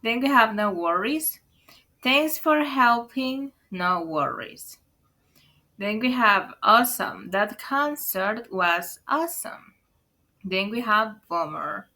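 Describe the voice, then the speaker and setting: Bright, unhurried woman, teaching an online English lesson and checking in with her viewers. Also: mid-range voice, expressive. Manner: explains patiently, asks "right?" often, calls viewers "guys".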